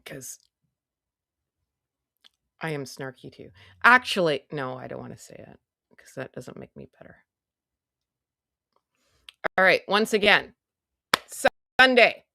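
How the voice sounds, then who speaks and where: A woman's voice: deep voice, big pitch swings, takes it slowly, gravelly, pauses often, bright, forceful tone, no room sound, studio quality. A woman hosting a casual livestream, chatty and self-mocking, muttering to herself as she goes. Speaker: livestream host.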